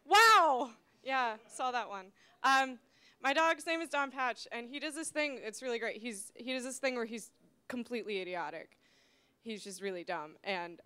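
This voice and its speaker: A young woman doing a rambling, self-deprecating stand-up set, jumping into loud shrill voices for the people she quotes. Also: clear, resonant tone. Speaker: stand-up comedian.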